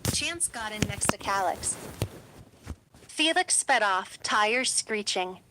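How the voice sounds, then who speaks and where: A woman narrating an audiobook in a steady, even storytelling manner. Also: medium pitch, slow pace, poor audio.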